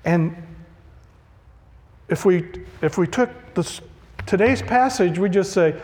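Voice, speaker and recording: A man's voice: sits high, slow pace, long pauses, a little mellow, breathy edge. A man preaching a conversational sermon, acting out the voices he quotes. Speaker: pastor. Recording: long reverb of a large hall.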